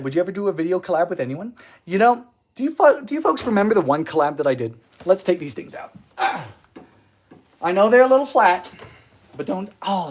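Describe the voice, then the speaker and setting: A man hosting a baking livestream in a home kitchen, chatting casually in a goofy, giggly way while reading out viewer comments. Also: high voice.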